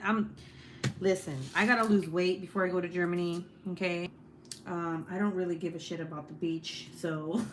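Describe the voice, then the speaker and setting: A woman around thirty hosting a casual live stream, talking loudly with plenty of swearing and laughter. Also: on the low side, a little hiss or hum. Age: 30s. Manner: loud and profane, laughing often. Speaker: host.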